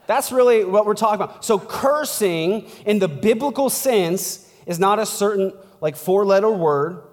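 A man's voice: high voice, animated, moderate pace, long reverb tail. A man preaching as a pastor in a casual, conversational sermon, chatty and laughing, tossing in "like" and "right?" as he goes. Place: church.

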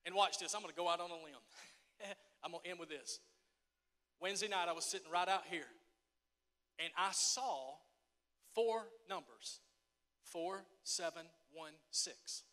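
A male pastor preaching a sermon, emphatic and repetitive, swinging from shouting to hushed tones. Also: high-pitched, moderate pace, long pauses. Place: church sanctuary. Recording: echoey church hall.

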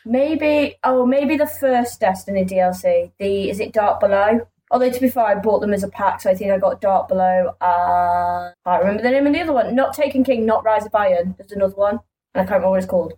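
A woman's voice: mid-range voice, fairly quick, dark tone, rough recording. A woman co-hosting a gaming podcast, chatting casually and hesitantly. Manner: hesitant, lots of fillers. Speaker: podcast co-host. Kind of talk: casual chat.

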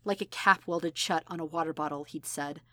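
Woman narrator, measured audiobook read, low voice, dry sound. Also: steady tone, a bit bright, no room sound. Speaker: audiobook reader. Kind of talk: audiobook narration of fan fiction.

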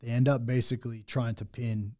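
A man's voice: medium pitch, little pitch movement, brisk, mellow. A young man telling his own hard story in candid talk, blunt and full of swearing and restarts. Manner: raw, blunt, swears often, many restarts.

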